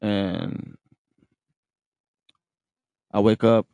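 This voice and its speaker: A man's voice: on the low side, fairly even intonation, extremely slow, mellow, no room sound. A man hosting his own podcast, telling a personal story in a loose, profane, casual way and speaking straight to his listeners. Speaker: podcast host.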